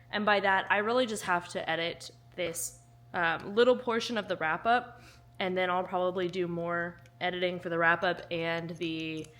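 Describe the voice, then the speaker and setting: A woman vlogging casually about books at home, chatty and animated, swinging between loud exclamations and quiet asides. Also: medium pitch. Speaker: book vlogger. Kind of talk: casual vlog chat. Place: at home, in her kitchen.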